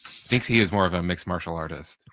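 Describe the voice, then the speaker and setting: A man's voice: deep voice, brisk, fairly bright tone, slight background noise. A man co-hosting a casual sports talk radio show with dry, understated asides. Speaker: radio co-host.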